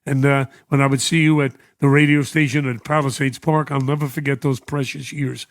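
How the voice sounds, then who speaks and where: A man's voice: mid-range voice, little pitch movement, fairly quick, no room sound. Veteran New York radio host, older man, fond and emotional, reads fan notes on a dry studio mic. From United States. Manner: warm, emotional, chuckling often. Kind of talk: radio show reading listener messages. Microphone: studio microphone.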